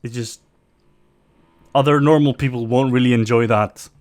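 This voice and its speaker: With a mid-range, slightly mellow voice, fairly even intonation and moderate pace, this man from Sweden hosts reaction videos. His non-native English mixes British and American, and his casual commentary rambles, opinionated and packed with fillers.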